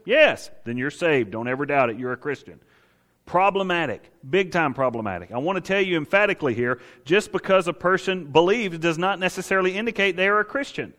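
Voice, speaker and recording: A man's voice: a little high, fairly bright tone. A man preaching a sermon as pastor, emphatic, asking questions and answering them himself. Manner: emphatic, asks and answers his own questions. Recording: long hall reverb.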